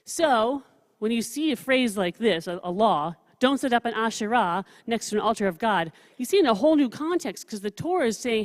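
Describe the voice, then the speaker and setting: A woman rabbi gives a relaxed, joking lecture, her voice sitting a little high for a woman. Quotes come out animated and emphatic, and the sound rings with the long reverb of a large hall. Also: brisk. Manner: chatty, humorous, reads quotes with animated emphasis. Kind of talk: study session lecture. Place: synagogue hall.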